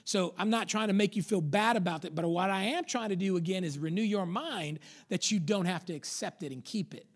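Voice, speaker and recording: Pastor guy preaching, high voice, punchy and repeats himself for emphasis. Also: a little fast, hardly any pauses. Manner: emphatic preaching, repeats lines for stress, acts out inner voices. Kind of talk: sermon.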